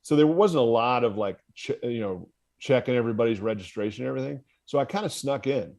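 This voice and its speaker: A man's voice: mid-range voice, animated, quick pace, darkish tone. A man from the United States, a former Marine officer, telling his story as a podcast guest in a candid, profane way and laughing at himself. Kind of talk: casual storytelling in conversation.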